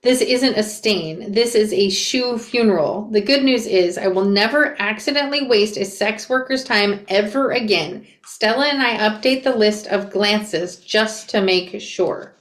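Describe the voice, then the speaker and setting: A young woman reading a memoir aloud and reacting to it, expressive and flustered as she re-enacts the narrator. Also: mid-range voice, measured pace, few pauses. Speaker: reader and reaction creator. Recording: echoey room.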